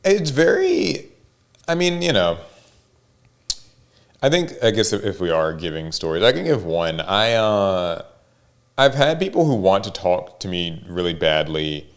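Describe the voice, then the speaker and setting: A man's voice: low-pitched, very animated, measured pace. A man co-hosting a casual podcast chat, hedging and full of fillers. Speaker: podcast co-host.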